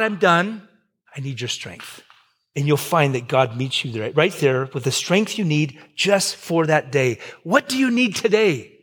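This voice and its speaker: A man in his fifties preaching a sermon as pastor, conversational, with joking asides, swinging between loud and soft. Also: sits high. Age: 50s.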